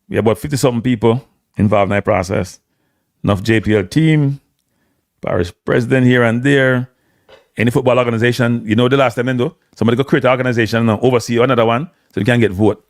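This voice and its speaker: Speaking quickly in a medium-pitched voice, a man with a Jamaican accent offers opinionated football commentary on his own, recorded dry in clean studio sound. His delivery is emphatic, with phrases repeated for stress and moments of patois.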